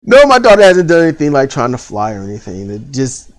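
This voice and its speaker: Vlogger going off on a rant, blunt and slangy, repeats stuff, mid-pitched voice. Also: fairly quick. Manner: blunt, repetitive, colloquial, with lively swings in pitch. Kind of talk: opinion rant to camera.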